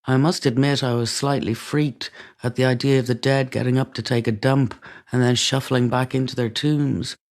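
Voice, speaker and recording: A man reads a first-person memoir aloud at a middle pitch. He keeps the reading steady and even, and he delivers the wry asides dryly. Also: moderate pace. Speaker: audiobook reader.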